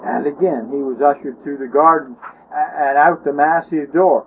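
A man's voice: fairly high pitch, steady tone, normal speed, a little hiss or hum. A man telling a story aloud, dramatic and emotive, often starting lines with oh or well. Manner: emotive, with many ohs and wells. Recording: tinny phone-line sound.

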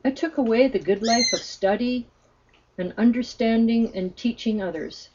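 A woman's voice: fairly high pitch, moderate pace, darkish tone, husky. A woman reading the part of a defiant, frustrated man who speaks insistently, on a slightly muffled recording. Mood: tearful.

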